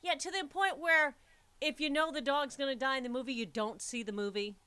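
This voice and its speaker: A woman co-hosting a casual podcast, telling stories with emphatic, animated delivery. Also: sits high, a little fast. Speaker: podcast co-host. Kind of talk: casual chat.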